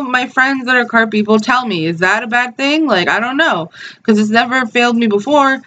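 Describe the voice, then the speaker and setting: A woman's voice: fairly high pitch, fairly bright tone, dull audio. A woman, telling a story in a casual vlog, blunt and swearing freely, with lots of "like" and "dude". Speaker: vlogger.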